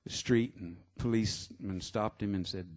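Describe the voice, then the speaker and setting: A man, a singer-songwriter, chatting between songs at a live show in a halting, rambling way with many fillers. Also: lowish voice, darkish tone. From Texas. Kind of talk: stage banter between songs. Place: live music venue. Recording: live concert with guitar playing. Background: guitar music.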